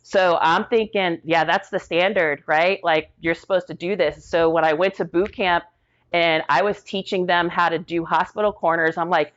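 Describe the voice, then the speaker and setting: Veteran woman, forties, low-pitched, casual storyteller who acts out the quotes; slightly muffled audio. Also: moderate pace. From Tampa, Florida. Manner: animated storyteller acting out quotes. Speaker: podcast guest, military veteran.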